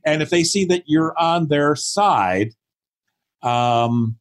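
A man's voice: a little high, slow. Thoughtful older man telling stories. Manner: thoughtful, acts out quoted dialogue. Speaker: podcast guest, performance consultant. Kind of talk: casual interview talk.

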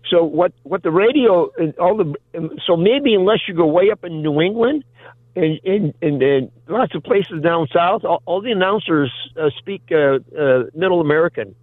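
An older man from Ohio calling in to a radio show, rambling and halting, often clearing his throat. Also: on the high side, lively intonation, no room sound. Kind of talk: casual chat over the phone. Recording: tinny phone line.

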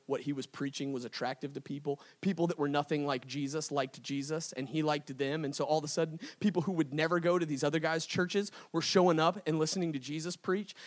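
A man preaching a sermon to a live crowd at an event, telling a story with playful voices for the characters and a casual, slangy way of talking. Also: a little high. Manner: casual slangy delivery, addresses the crowd as y'all. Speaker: pastor. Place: event stage before a live audience.

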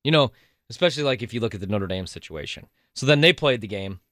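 A man talking sports on the radio, rambling, stammering over his words and slipping in sarcastic jokes. His voice is bright and forward, recorded dry and close with no room sound. His pitch sits in an ordinary middle range. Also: expressive, fast, no room sound. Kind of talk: casual sports radio banter.

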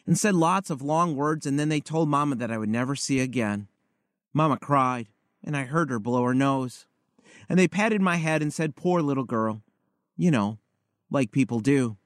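A man's voice: medium pitch, normal speed, no room sound, studio quality, natural voice. A man reading aloud the letter of an eight-year-old blind girl to her grandfather, in an earnest, confiding manner. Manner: earnest, wide-eyed, confiding.

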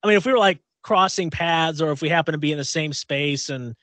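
A man's voice: fairly high pitch, fast, a bit bright, dry recording. A middle-aged man co-hosting a casual radio show chat, rambling and restarting as he acts out little quotes. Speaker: co-host.

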